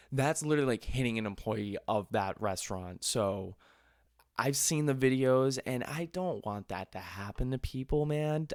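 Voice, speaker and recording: A man's voice: medium pitch, darkish tone, no echo, studio quality. A young man, host of a podcast, telling a rambling, profane story in a casual way.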